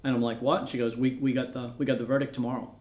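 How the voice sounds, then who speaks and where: Speaking at a racing clip with a medium, fairly flat pitch, a man who works as a news photographer recounts long anecdotes for a documentary interview. He wanders through each tale and performs the quoted lines of its characters. The sound is phone quality, with a roomy echo.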